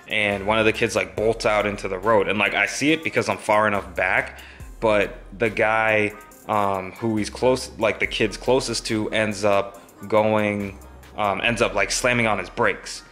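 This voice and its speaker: Low-voiced young man rambling a story. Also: fairly even intonation, unhurried, sharp tone, soft background music. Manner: rambling, lots of "like" and "um" fillers. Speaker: vlogger. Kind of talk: casual storytelling.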